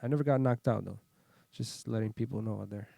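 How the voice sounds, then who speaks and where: A man in his thirties, a podcast guest, telling stories in a profane, animated way in casual chat. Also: fairly low pitch, a little fast, gravelly, dry recording.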